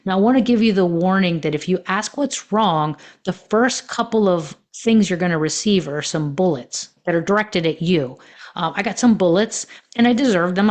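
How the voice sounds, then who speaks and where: A woman coaching on relationships in a podcast monologue, telling personal stories in a reflective way with many fillers. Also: on the low side.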